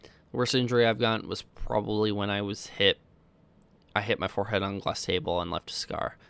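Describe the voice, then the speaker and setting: Easygoing young man, smooth low voice. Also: fairly bright tone. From Iowa, United States. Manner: rambling, self-correcting, easygoing. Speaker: YouTuber answering viewer questions. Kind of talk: casual livestream Q&A chat.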